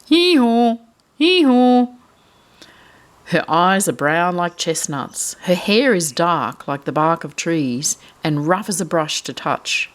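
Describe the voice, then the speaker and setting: A woman reading a picture book aloud to children, animated and asking them questions as she goes. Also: low-pitched, a little slow, hardly any pauses.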